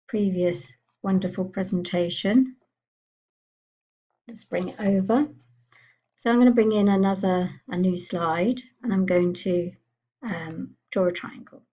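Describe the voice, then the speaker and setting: A woman giving a chatty software tutorial, thinking aloud as she clicks through menus. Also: lowish voice, slightly rough, highs cut off. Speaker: computer skills tutor. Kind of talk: screen-recorded software tutorial.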